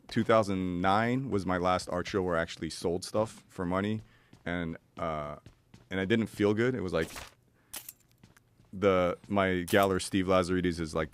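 Very deep-voiced man telling rambling stories. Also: clean tone. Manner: rambling storyteller, many fillers and laughs. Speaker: guest. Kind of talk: casual chat.

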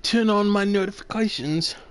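A young man giving loud, excitable commentary while playing a video game, swearing and trash-talking his teammates. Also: high-pitched, normal speed, slight background noise. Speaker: gamer streaming gameplay. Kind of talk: casual gameplay commentary.

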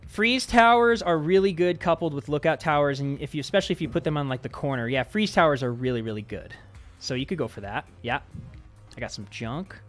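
A man's voice: fairly high pitch, fairly quick, soft background music. A man hosting a casual game session, upbeat and explaining the game mechanics as he plays. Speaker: host and map maker. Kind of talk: casual gameplay chat.

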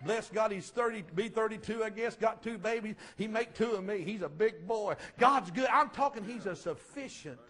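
A high-voiced preacher man in mid-life delivers a fervent sermon testimony. He rides his voice up into ringing cries, then brings it down to a quiet, earnest hush. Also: normal speed, hardly any pauses. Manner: fervent, rising to shouts then dropping to a low hush.

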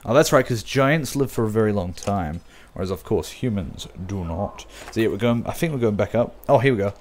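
A man's voice: lowish voice, animated, a little fast, a little mellow, slight background noise. Playful man reading through a game. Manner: playful, trying out character voices. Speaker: gameplay narrator. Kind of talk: reading a story game aloud with commentary.

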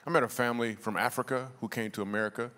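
A man's voice: mid-range voice, steady tone, racing, background noise. Man telling funny stories in a reverberant church. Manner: loose, slangy, conversational delivery with punchlines. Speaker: comedian and guest speaker. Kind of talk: comedic storytelling talk to a church congregation. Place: large church auditorium. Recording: long reverb of a large church hall.

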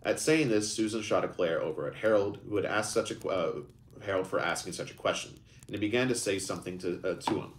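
A man's voice: low voice, quick pace, a little hiss or hum. A man reading his own story aloud live, lifting his voice for characters and often stumbling and restarting lines.

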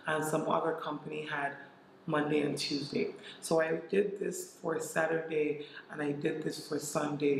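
Young Nigerian-born male vlogger, candid and animated, slightly high gravelly voice, recorded in an echoey room. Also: slight background noise. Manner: candid, animated retelling with reported speech. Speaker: vlogger and former caterer. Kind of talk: casual storytelling to camera.

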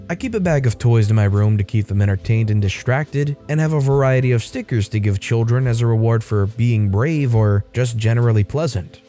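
Mellow-voiced male story narrator. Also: medium pitch. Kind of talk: scripted narration.

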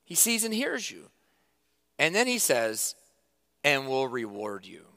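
Bright-voiced preacher in an echoey hall. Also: male voice, medium pitch, wildly swooping pitch, slow pace. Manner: emphatic, conversational preaching with sudden loud stresses and quiet drops. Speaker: pastor. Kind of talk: sermon.

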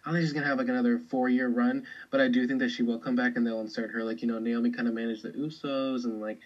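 A man's voice: medium pitch, flat delivery, quick pace, lo-fi sound. A man co-hosting a podcast, chatting in a rambling way full of fillers and restarts. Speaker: podcast co-host. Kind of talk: casual chat.

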